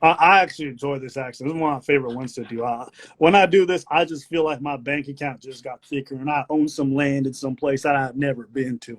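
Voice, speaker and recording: Quick, joking man on a live stream. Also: mid-range voice, steady tone. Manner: quick, joking, playful game-show patter. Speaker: comedian hosting a live stream. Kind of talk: casual live-stream chat. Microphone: phone on a live stream.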